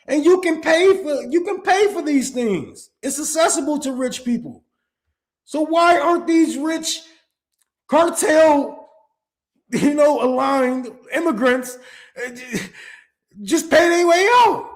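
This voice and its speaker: A man's voice: extremely high pitch, slow pace. A man hosting a political commentary stream, ranting with profanity and rhetorical questions. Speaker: podcast host.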